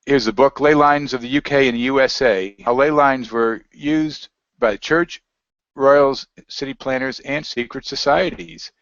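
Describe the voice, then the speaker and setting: A man's voice: medium pitch, unhurried, fairly bright tone. A man chats loosely as an interview guest, drifting between thoughts and reading passages aloud from web pages. The audio sounds muffled and lo-fi, with no room echo. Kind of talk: casual conversational interview. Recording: dry, dull lo-fi audio.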